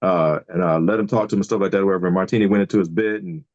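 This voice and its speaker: A man's voice: low-pitched, fairly even intonation, very fast, highs cut off, crowd noise. A man in his fifties, a podcast guest and DJ, chatting casually and rambling through stories with lots of fillers and restarts over a video call. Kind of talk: casual chat.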